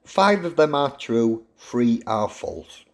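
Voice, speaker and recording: A man's voice: medium pitch, lively intonation, slow pace. A middle-aged man, a university professor giving a jokey, teasing lecture to his students. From England.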